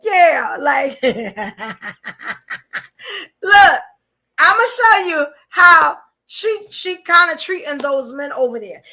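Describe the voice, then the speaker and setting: A woman, hosting a live podcast and giving blunt, animated commentary with frequent laughter. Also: sits high, slow pace, pauses often. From New York. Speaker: podcast host.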